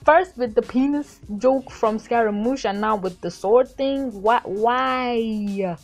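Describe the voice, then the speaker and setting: A young adult woman casually reviewing a cartoon episode, excitable and gushing, acting out the characters' lines. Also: fairly high pitch, slow, faint music behind. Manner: excitable, gushing, acts out quotes.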